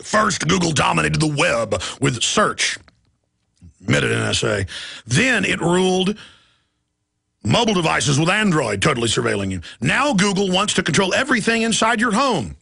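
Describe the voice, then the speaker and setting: A man's voice: a little high, big pitch swings, normal speed, vocal fry, sharp tone, breathy edge. A man hosting a talk show, ranting angrily and mockingly in a monologue.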